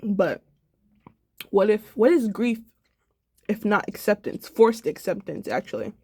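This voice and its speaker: Young woman, sad, soft-spoken, rambling, warm mellow voice, dry sound. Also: medium pitch, a little slow, creaky, husky, no room sound. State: sad, subdued. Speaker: vlogger. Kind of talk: personal video diary.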